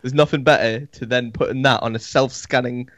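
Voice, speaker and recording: A man's voice: medium pitch, steady tone, brisk, fairly bright tone, dry recording, highs cut off. A British man, a podcast guest, chatting casually in a wry, teasing way.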